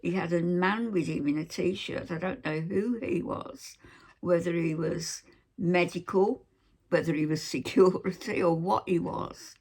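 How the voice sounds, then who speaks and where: A woman telling a personal story to camera in an aggrieved way, pausing often and acting out what others said. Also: lowish voice, a little mellow, breathy edge. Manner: aggrieved retelling, acting out others' lines, frequent hesitations. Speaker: vlogger.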